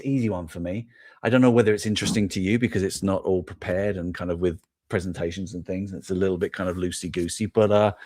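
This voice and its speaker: With a fairly low, slightly mellow voice, a middle-aged man with an English accent runs a toy show as a casual live-stream. He rambles, muses out loud, and seems to find himself funny.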